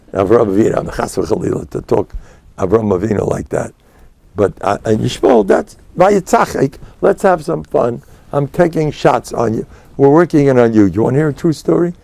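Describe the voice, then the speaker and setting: Older american rabbi rambling thru a torah class, lots of yiddish words, gravelly dark voice. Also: male voice, medium pitch, dry recording. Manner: digressive, animated storytelling with Yiddish and Hebrew terms. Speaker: rabbi and spiritual mentor. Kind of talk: Torah lecture.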